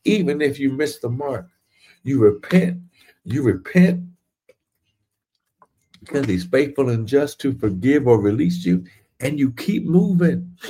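A man's voice: medium pitch, expressive, moderate pace, warm tone, a little hiss or hum. A man preaching a sermon with fervent exclamations, repeating key phrases and calling out to his listeners.

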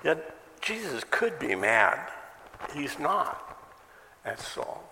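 A man's voice: a little high, sing-song, drawn-out words, creaky, sharp tone. A male pastor giving a conversational sermon, full of rhetorical questions and self-deprecating humor, recorded live in a church. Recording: live sermon with hall reverb and faint noise.

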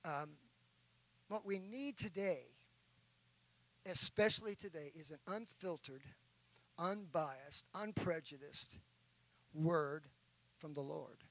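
A man's voice: a little high, slow, pauses often, rough recording. A man preaching a sermon as a bishop, telling an illustration and building to emphatic points. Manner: storytelling with rising, emphatic preaching.

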